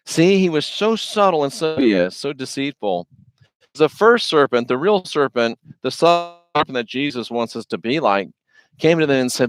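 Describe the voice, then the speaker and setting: A man's voice: mid-range voice, sing-song, moderate pace, clean tone, no room sound. Folksy, emphatic man preaching. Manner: folksy, slangy, conversational; emphatic, repetitive. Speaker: religious video host. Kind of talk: informal preaching monologue.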